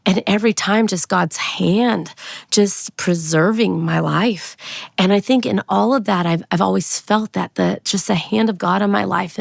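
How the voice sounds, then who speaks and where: Earnest woman with a gravelly edge. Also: medium pitch, no room sound, clean studio sound. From United States. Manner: earnest, halting, many restarts. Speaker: guest sharing a testimony. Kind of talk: personal testimony storytelling.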